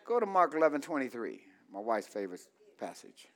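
A man preaching to a church congregation, calling for responses and rising into shouts. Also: mid-range voice, very animated, a little fast. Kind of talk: sermon.

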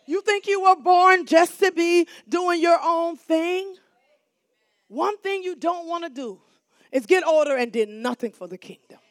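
A woman pastor preaching a sermon in call-and-response style, repeating phrases for emphasis and swinging between hushed lines and shouts. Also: very high voice, a little slow, no room sound, studio quality.

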